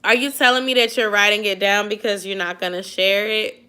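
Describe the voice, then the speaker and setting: Bright-voiced sleepy woman livestreaming. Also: mid-range voice, steady tone, a little fast, clean tone. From Atlanta area, US. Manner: chatty, sisterly advice, drawling slang. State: sleepy, yawning. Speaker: YouTube livestream host. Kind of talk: casual livestream chat reading viewer comments.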